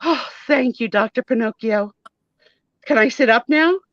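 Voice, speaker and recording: A woman voicing a whiny, frightened female patient doll who squeals and sings loudly. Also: a little high, unhurried, no echo, pitched above the performer's own voice. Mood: excited. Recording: dull lo-fi dry sound.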